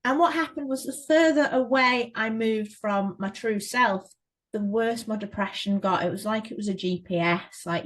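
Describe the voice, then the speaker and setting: An English photographer appears as a podcast guest, telling her story casually and lively with plenty of fillers. Her voice is fairly high, her pace normal, and the audio poor.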